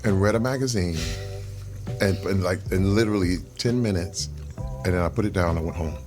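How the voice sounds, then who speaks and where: A middle-aged man, a guest in a casual interview, telling stories with lots of expression and putting on high voices when he quotes people. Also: brisk, over music. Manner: animated storyteller, jumps to high mock voices for quotes.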